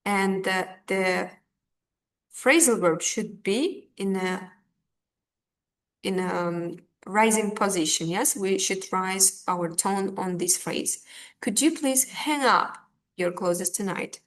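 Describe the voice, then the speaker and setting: Woman teacher, unhurried, patient, filler words. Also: mid-range voice. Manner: slow, patient, with fillers and restarts. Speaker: English teacher. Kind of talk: online language lesson.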